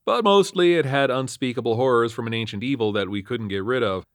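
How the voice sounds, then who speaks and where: A man narrating a first-person horror story in a deadpan, matter-of-fact way on a close mic. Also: mid-range voice, fairly quick, no echo.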